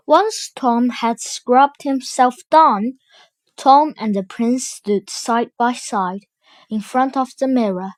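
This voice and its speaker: A woman reads a children's storybook aloud with slow, careful expression. Her voice sits somewhat high for a woman, and the recording is close and dry with no room sound. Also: no echo. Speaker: storybook reader.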